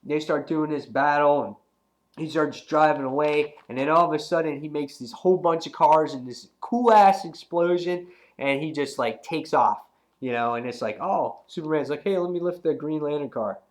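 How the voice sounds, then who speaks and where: A man's voice: on the high side, normal speed. Rambling man with a cold. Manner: rambling, slangy, excitable. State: has a cold. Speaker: comic book reviewer. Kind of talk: casual video review.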